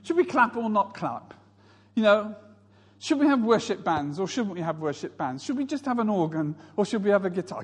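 A man's voice: high-pitched, sing-song, moderate pace, in a large hall. A male pastor preaching a sermon, telling stories and mimicking other people's voices.

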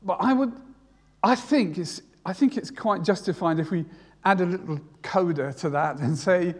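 A man's voice: sits high, normal speed, big-room sound. A retired man preaching a sermon, earnest and repeating key phrases for emphasis. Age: older.

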